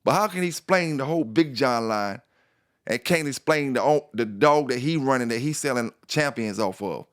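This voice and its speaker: A man's voice: mid-range voice, expressive, normal speed. A man hosting a dog news channel, delivering a confrontational, repetitive rant at rivals. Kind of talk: casual ranting monologue.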